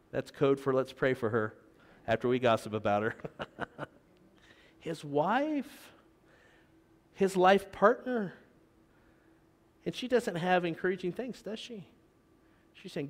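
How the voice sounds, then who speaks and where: A man's voice: a little high, long reverb tail. A middle-aged man preaching a sermon as pastor, with joking asides to the congregation. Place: church sanctuary.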